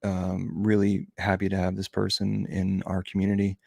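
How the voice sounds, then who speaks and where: A fairly low man with a gravelly edge hosts a casual livestream. He welcomes guests and reads out viewer names in an easygoing way. His voice sounds close and dry. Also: completely flat delivery, normal speed, a little mellow, dry recording. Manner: friendly, greets viewers by name. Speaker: host.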